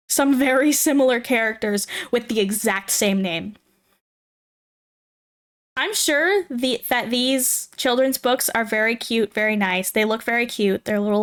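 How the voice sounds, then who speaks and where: Slow-talking chatty young woman streamer. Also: on the high side. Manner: rambling, chatty, giggly, thinks aloud. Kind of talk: casual livestream chat while playing a game.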